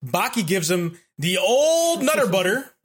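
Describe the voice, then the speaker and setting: Animated male host retelling a show, higher voice with wide swings. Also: measured pace, slightly rough. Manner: animated, profane, acts out characters while retelling. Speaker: podcast host recapping an anime. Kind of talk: casual chat.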